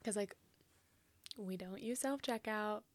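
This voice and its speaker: A woman's voice: medium pitch, a little slow, no room sound. A woman co-hosting a casual podcast chat, profane and laughing, given to exaggerated outbursts. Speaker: podcast co-host.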